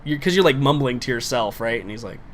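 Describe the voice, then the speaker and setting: A man's voice: medium pitch, lively intonation, quick pace. A man narrating a tabletop game as game master, casual and rambling with many fillers.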